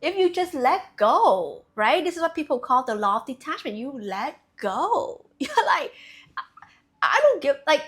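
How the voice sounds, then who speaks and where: A young woman, a spiritual coach, giving a casual, animated talk to her viewers, playful and quick to laugh, with casual swearing. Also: high voice.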